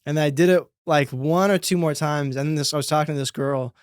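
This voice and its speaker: A man guesting on a podcast as a comedian spins casual anecdotes in a chatty way, swearing now and then. His voice is smooth and clear and pitched a little above average. The recording is close and dry. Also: brisk, dry recording. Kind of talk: casual podcast chat, storytelling.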